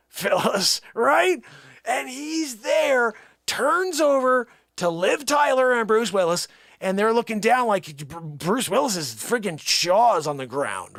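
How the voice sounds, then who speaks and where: A middle-aged man makes a comedic prank phone call, rambling and exasperated, swinging from low mutters to loud outbursts. The sound is clean studio audio with no room sound.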